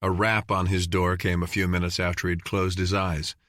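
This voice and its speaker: A man narrating an audiobook in an even, measured reading. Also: deep voice, dry recording, clean studio sound. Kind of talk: scripted narration.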